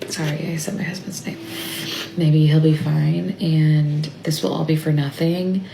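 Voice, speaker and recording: A tearful woman recording a personal video diary, talking haltingly and trailing off into near-whispers. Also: deep voice, fairly even intonation, vocal fry, roomy sound, background noise. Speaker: mother vlogging about family illness. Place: stepped away from her workplace. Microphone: phone.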